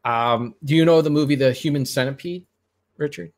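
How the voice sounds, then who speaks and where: A man's voice: on the high side, moderate pace. A man hosting a podcast, chatting casually and giving his blunt, rambling opinions. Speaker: podcast host. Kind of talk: casual chat.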